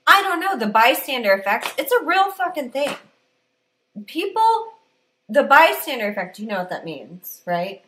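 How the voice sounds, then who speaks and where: A woman tells a true-crime story on a podcast in loose, casual chat. Her voice is bright and forward, and she is blunt and swears freely. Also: high voice, sing-song, moderate pace, a little hiss or hum.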